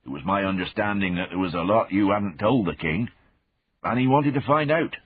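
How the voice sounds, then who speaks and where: A deep-voiced man playing a hulking soldier caught spying, placating and careful, forever sir-ing and my-lord-ing his questioner. The voice is low and husky, coming through a narrow, phone-like band. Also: lively intonation, normal speed. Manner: respectful, placating, addresses listener as sir and lord. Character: big burly male soldier turned spy, wary, deferential.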